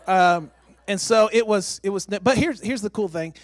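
This former pastor turned missionary has a voice that sits high and a normal pace as he shares an emotional church testimony. His delivery is emphatic and excitable, nearly tearful, in a dry recording from the sanctuary.

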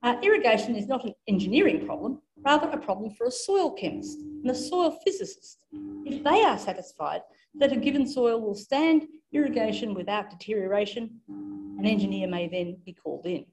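A woman's voice: on the high side, lively intonation, over music, poor audio. Australian woman giving an academic lecture. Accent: Australian English. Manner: measured reading with occasional self-corrections.

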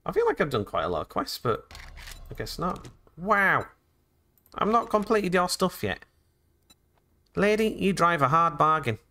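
Bright, lively man doing game commentary. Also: a little high, measured pace, long pauses. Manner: chatty, jokey, talks to game characters. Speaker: gaming channel host. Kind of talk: let's play commentary.

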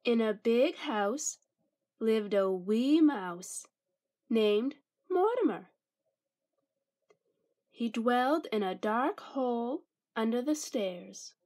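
A woman reading a children's picture book aloud with an expressive, lilting storytelling manner. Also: on the high side, slow, pauses often.

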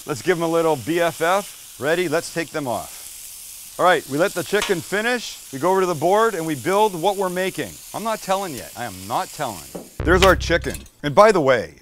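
A man's voice: a little high, background noise. A middle-aged man hosting a casual cooking demo, chatty and teasing as he cooks. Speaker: cooking show host.

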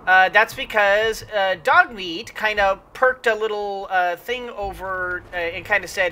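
A let's play host giving rambling gameplay commentary, full of fillers and excited exclamations. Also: mid-range voice, measured pace, hardly any pauses, slight background noise.

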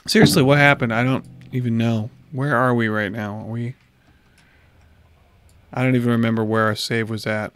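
A man's voice: medium pitch, fairly even intonation, moderate pace, long pauses, a bit bright, clear, resonant tone. A man in his thirties livestreaming a space game from home, chatting casually with his viewers as he plays into a desk mic. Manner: chatty, talks to chat while playing. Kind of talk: casual gameplay livestream chat.

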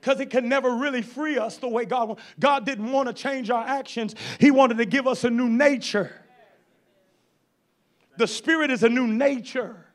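A man preaching a sermon as pastor, folksy and fiery, at times rising to shouts. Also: very high-pitched, normal speed.

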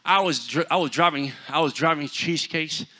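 Animated New preacher telling stories. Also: male voice, fairly high pitch, a little fast. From New York. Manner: animated, humorous, conversational preaching. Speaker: guest preacher. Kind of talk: storytelling sermon.

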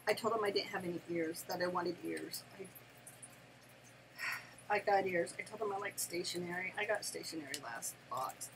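An older woman and grandmother chatting casually through an unboxing, gushing and excitable, laughing often and squealing with delight at home. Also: fairly low pitch, background noise. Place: home, near her desk.

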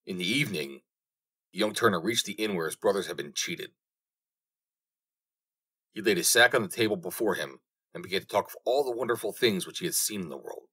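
A man narrating a fairy tale audiobook with measured storytelling. His voice sits very low in pitch. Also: lively intonation, bright, forceful tone, breathy edge.

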